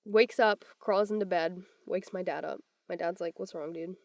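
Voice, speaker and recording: A woman's voice: lowish voice, moderate pace, creaky, no echo, studio quality. A young woman co-hosting a podcast, telling ghost stories in casual chat, acting out the people she quotes and swearing casually. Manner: animated storyteller, acts out quoted voices, swears casually. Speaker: podcast co-host.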